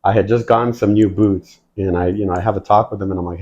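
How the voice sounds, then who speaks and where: A man's voice: sits low, quick pace, dull audio. A man telling war-service stories in a casual, profane way, acting out the dialogue as he goes. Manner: profane, animated storytelling, acts out quoted dialogue. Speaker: guest, military veteran. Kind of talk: casual storytelling.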